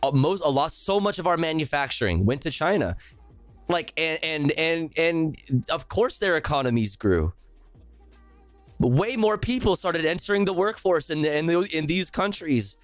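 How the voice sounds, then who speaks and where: Male streamer, fairly high voice, dry close sound, profane sarcastic rant, faint music behind. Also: animated, moderate pace, dry recording. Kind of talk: live reaction commentary.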